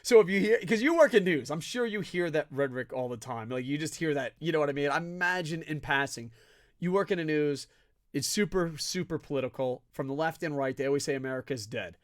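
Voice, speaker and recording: Podcast co-host, male, higher-pitched, fired-up and foul-mouthed, jumps from shouting to muttering. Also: fairly quick. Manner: profane, excitable ranting; swings between loud shouting and low mutters. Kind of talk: casual sports chat.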